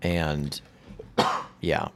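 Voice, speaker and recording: Laid back guy w a real deep gravelly voice, talking movies on a podcast. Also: flat delivery, very slow, a bit bright. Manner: laid-back, agreeing, recaps plot in short bits. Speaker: podcast co-host. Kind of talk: casual movie discussion.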